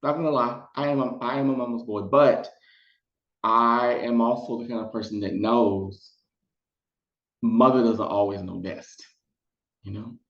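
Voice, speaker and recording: A man's voice: unhurried, long pauses. A man telling a personal story in casual vlog style, acting out the people he quotes. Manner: animated, acts out quotes in high voices. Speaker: storytime vlogger. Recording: roomy, dull lo-fi sound.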